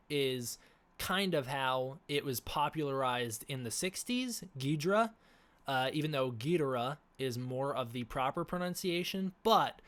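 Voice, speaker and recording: Man, livestream host, casual rant, animated, sore scratchy throat, lots of ums and restarts. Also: mid-range voice.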